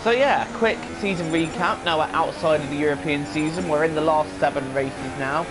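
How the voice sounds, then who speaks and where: A man's voice: on the high side, normal speed, music in the background. A man hosting his own gaming video, with casual commentary full of crude jokes and banter. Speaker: gaming channel host.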